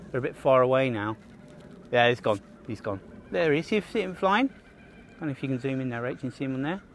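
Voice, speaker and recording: Lively, animated man outdoors. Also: a little high, a little hiss or hum. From Australia. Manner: enthusiastic, talks to the viewer, jokes and gasps at finds. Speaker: children's nature educator. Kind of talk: livestreamed nature walk for kids. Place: outdoors on a bush walk.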